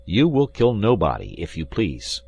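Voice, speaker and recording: A man doing a loud, commanding young swordsman. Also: deep voice, huge pitch swings, moderate pace, creaky, husky, exaggerated voice. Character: bold young male swordsman, quick-witted, commanding.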